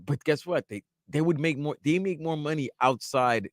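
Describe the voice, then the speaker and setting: A man's voice: fairly high pitch, moderate pace, no room sound, clean studio sound. A man co-hosting sports talk radio, chatting casually with his partner.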